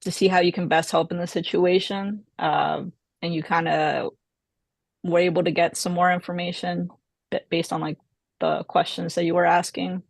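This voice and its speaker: Flat monotone person reading out call scores, gravelly, lots of um and like. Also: mid-range voice, moderate pace, dry recording. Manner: hesitant, many fillers and likes. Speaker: sales call evaluator. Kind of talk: giving scored feedback.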